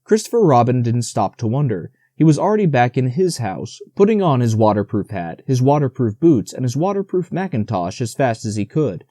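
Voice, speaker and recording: A man reads a children's audiobook aloud, his mellow voice rising and falling with the story. The recording is close and dry. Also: mid-range voice, fairly quick, hardly any pauses, dry recording. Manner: expressive storytelling. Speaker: audiobook narrator.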